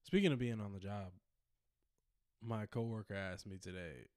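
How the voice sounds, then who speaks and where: A man's voice: lowish voice, normal speed, a little mellow, clean tone, no echo, studio quality. A man in casual chat as a podcast co-host, laid-back, agreeing and retelling stories.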